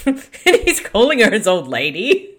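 An Australian co-host in casual chat about a film, making quick jokes and giggling often. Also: mid-range voice, huge pitch swings, a bit bright. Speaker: co-host of a movie-watching podcast.

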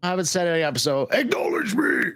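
A man's voice: sits high, big pitch swings, moderate pace, creaky, a bit bright. A man co-hosting a podcast in casual, encouraging banter. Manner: encouraging, joking. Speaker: podcast co-host.

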